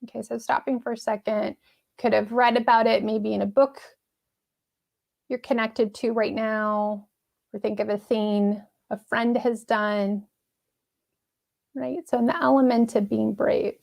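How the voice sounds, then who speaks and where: A woman's voice: a little high, fairly even intonation, unhurried, vocal fry, long pauses, darkish tone. A woman hosting a casual live-streamed pep talk, chatty and upbeat, laughing often and reading viewer comments aloud.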